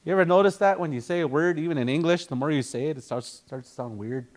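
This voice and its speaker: A man's voice: fairly high pitch, quick pace. A man teaching a language class, patiently repeating words and breaking them into syllables for his students.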